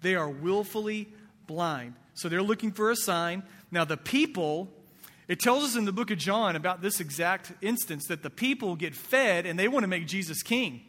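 Man, pastor, sermon, high voice, conversational, rhetorical questions, long hall reverb. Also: lively intonation, normal speed, fairly bright tone.

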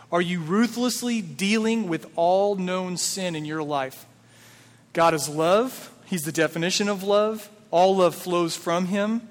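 A man's voice: high voice, a little slow. Man preaching in a reverberant hall. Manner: conversational preaching with rhetorical questions. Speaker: pastor. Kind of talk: sermon. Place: church sanctuary.

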